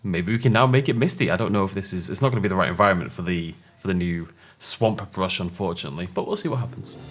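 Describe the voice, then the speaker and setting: A man's voice: low-pitched, fast talker, fairly bright tone. A young man hosting a game playthrough, talking casually and chattily, laughing often and interrupting himself. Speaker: gaming channel host. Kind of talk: casual let's-play commentary.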